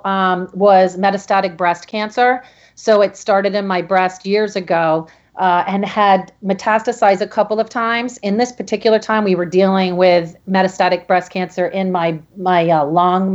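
A middle-aged woman from Connecticut, a podcast guest, telling a personal story in a halting way with many restarts. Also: mid-range voice, lo-fi sound. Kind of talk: emotional personal interview storytelling.

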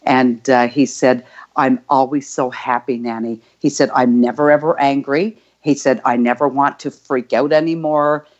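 An older woman, a grandmother, telling a heartfelt story as a guest, halting with many fillers. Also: very deep voice, fairly even intonation, darkish tone, muffled recording. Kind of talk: casual storytelling.

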